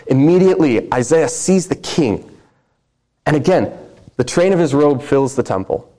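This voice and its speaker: Earnest preacher man, mellow voice. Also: mid-range voice, animated, moderate pace. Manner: earnest, emphatic scripture reading. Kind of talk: sermon.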